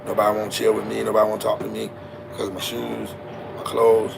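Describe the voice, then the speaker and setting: A man's voice: on the low side, completely flat delivery, fast talker, vocal fry, background noise, pitched below the performer's own voice. A man doing a shy, lonely boy. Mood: sad. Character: shy poor young boy, lonely and quiet.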